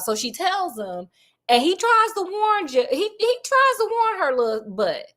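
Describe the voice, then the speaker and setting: A woman casually retelling a book to a friend, animated, with joking asides. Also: high-pitched, moderate pace. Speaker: storyteller.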